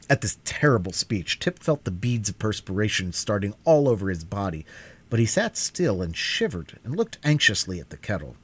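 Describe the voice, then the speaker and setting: Expressive man reading a storybook. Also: fairly low pitch, moderate pace, slightly rough. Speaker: reader.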